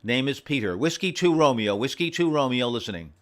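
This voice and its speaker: A man's voice: mid-range voice, expressive. Friendly man calling out radio call signs. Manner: friendly, repeats call signs slowly and carefully. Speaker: amateur radio operator running a special event station. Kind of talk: on-air radio contacts, reading call signs. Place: home radio station.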